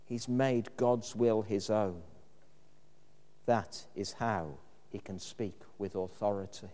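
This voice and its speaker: A man gives a sermon in a warm, mellow voice, talking in a thoughtful, conversational way with the odd "um". His words ring out with a long reverb from the church around him. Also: lowish voice, steady tone, takes it slowly. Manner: thoughtful, conversational preaching with fillers. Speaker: preacher.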